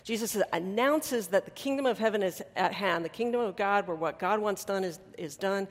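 A woman pastor giving a sermon in a conversational, animated way, with touches of humor. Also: medium pitch. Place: church hall. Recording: long hall reverb.

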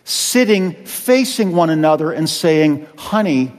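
A man's voice: high voice, expressive, a little slow, in a large hall. A male pastor preaching a sermon, acting out the people he quotes.

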